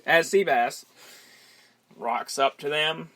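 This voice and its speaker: A man's voice: on the high side, slow pace, sharp tone, no echo. A man co-hosting a casual movie podcast, recapping scenes with a loose manner and the odd swear word. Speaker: podcast co-host.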